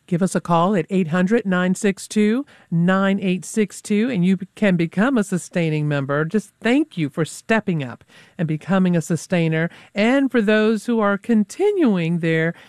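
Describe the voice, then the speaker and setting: A woman's voice: on the low side, moderate pace, a little mellow, no echo. A woman hosting a live radio pledge drive in a dry, close sound. She talks in a friendly, loose way and keeps coming back to the call-in number. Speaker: public radio fund drive host.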